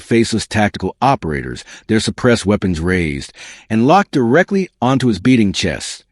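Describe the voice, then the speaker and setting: A man's voice: fairly low pitch, no room sound, studio quality. A man reading a dramatic story as scripted narration with an intense delivery.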